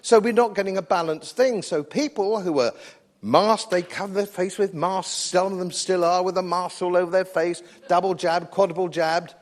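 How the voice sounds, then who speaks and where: A man's voice: high-pitched, moderate pace. Combative, sardonic English man giving a speech. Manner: combative, sardonic, repeats phrases for emphasis. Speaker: speaker at a public event. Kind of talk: live political speech.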